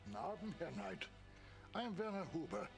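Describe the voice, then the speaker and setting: An actor playing a courteous, earnest Bavarian villager in a video game, speaking. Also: male voice, sits high, very animated, brisk, over music. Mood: earnest, formal. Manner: formal, earnest.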